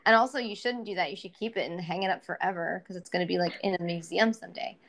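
A woman's voice: lowish voice, steady tone, fast talker, a bit bright. Casual, swearing woman podcast co-host. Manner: loose, profane, enthusiastic plugging.

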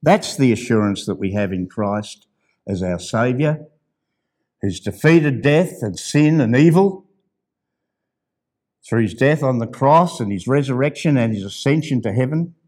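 A middle-aged male pastor preaching a sermon. He swings from soft, low asides to loud, emphatic declarations, and at times reads a letter aloud. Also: expressive, a little slow.

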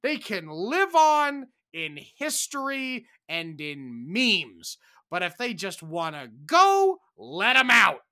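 Lively, bright-voiced male podcast co-host. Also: sits high, slow pace. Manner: animated, exaggerated, dramatic outbursts. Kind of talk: casual chat.

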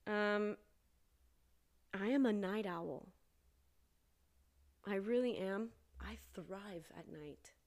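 Young woman, podcast host, slow, earnest, casual solo talk, emphatic high bursts. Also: a little mellow.

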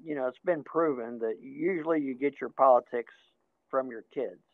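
A man's voice: mid-range voice, moderate pace, no echo. A man co-hosting a podcast in casual chat, rambling and joking with stammering restarts. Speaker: podcast co-host. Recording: tinny phone-like sound.

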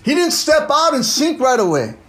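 High-voiced, fervent preacher man. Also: big pitch swings, moderate pace, a little hiss or hum. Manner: fervent preaching, peppered with "amen" and "come on"; swings between loud exclamations and low, quiet asides. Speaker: pastor. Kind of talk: sermon.

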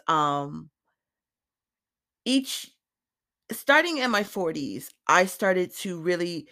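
Woman, 40s, podcast host; slow, lower voice, heartfelt and halting monologue. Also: a bit bright. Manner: emotional, gets choked up; unhurried, with many fillers and restarts. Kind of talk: reflective personal monologue.

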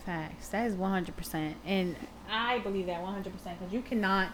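A woman co-hosting a casual chat, backing her partner up with quick, emphatic agreement. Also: medium pitch, a little hiss or hum. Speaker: podcast co-host.

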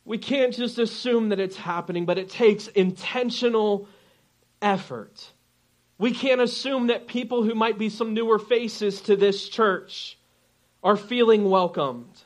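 A pastor with a fairly high voice preaches to his congregation, spinning a lively personal story. He plays the people he quotes, switching voices as the tale goes on. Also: a little slow. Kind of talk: sermon with storytelling.

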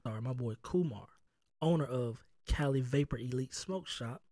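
A man with a Southern US accent hosts his own podcast in loose, joking street slang full of swearing. His voice sits at an ordinary pitch for a man. It is recorded close and dry, with no room sound. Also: moderate pace, mellow, no echo. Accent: Southern US (North Carolina). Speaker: podcast host. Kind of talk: casual chat. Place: home.

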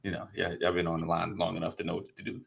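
A man's voice: low-pitched, monotone, racing, creaky, breathy edge. A man hosting a casual podcast, joking and laughing with his guests before reading out the sign-off plugs. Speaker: podcast host.

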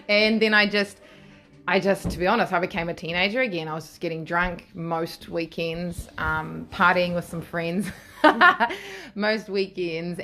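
A woman's voice: on the low side, bright, forceful tone. A woman in her thirties with a New Zealand accent, telling her story to an interviewer in a frank, laughing way and swearing freely. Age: 30s. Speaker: interview guest. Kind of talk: candid storytelling.

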